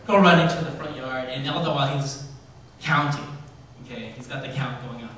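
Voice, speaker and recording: Man in his forties delivering a storytelling eulogy, halting with ums, heard from a distance in a very echoey hall with faint ambience. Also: mid-range voice, a bit bright. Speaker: son giving a eulogy. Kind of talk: eulogy told as personal stories.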